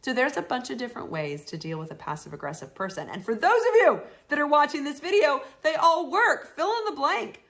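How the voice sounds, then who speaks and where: A woman's voice: sits high, very animated, brisk, few pauses. A woman life coach hosting her show, giving advice to viewers and acting out phrases they could say. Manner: warm coaching tone, acts out sample phrases.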